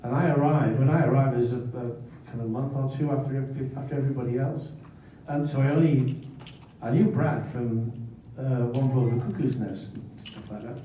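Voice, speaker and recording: A man's voice: medium pitch, steady tone, fairly quick, few pauses, a little hiss or hum. An older Englishman spins chatty anecdotes at a convention panel, often breaking into laughter. He sits well away from the phone that records him, so his voice arrives dulled and drenched in the hall's heavy echo, over a faint murmur. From England. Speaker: convention panel guest actor. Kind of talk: anecdotal storytelling. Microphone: phone recording from the audience. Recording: echoey hall from far off, dull phone audio.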